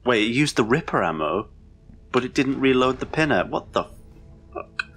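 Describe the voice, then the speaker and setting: A man's voice: mid-range voice, sing-song, moderate pace, a bit bright, slight background noise. A man giving rambling, confused, sweary commentary as he plays a horror game. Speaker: let's play host. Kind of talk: gameplay commentary.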